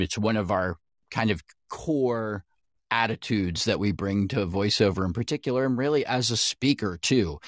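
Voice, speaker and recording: Low-voiced man coaching, dry sound. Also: no echo. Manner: explains with many restarts and self-corrections. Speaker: podcast guest, voice coach. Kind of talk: casual chat.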